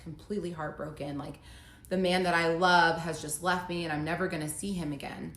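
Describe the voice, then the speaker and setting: A woman's voice: low voice, roomy sound, a little hiss or hum. A woman telling her own story to viewers in a confessional, emotional way, reading out quoted text messages. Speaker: storyteller recounting her marriage. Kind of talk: personal storytime vlog.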